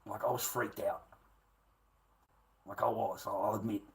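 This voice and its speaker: A man's voice: fairly low pitch, little pitch movement, unhurried, vocal fry, poor audio. A man telling a rambling personal story, swearing constantly and repeating himself. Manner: swears constantly, restless and repetitive.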